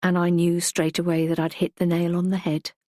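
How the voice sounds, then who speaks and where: A woman narrating a first-person audiobook in a measured, reflective way. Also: on the low side, flat delivery, dark tone, no echo, clean studio sound.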